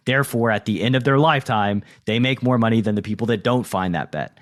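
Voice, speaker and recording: A man's voice: mid-range voice, quick pace. A man hosting a podcast in casual conversation about poker, talking loosely with lots of fillers and the odd swear word. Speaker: podcast host and poker coach.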